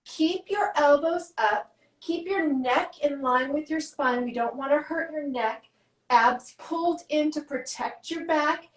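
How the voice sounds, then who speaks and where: High-voiced, winded fitness coach woman. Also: reverberant, low-quality recording. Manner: encouraging, gives quick step-by-step cues. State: out of breath. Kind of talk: guiding a workout.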